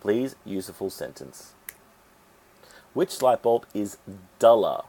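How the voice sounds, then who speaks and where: Slow, deliberate male English teacher. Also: on the low side, very animated, mellow. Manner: slow, deliberate explaining with clapped-out syllables. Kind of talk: English grammar lesson.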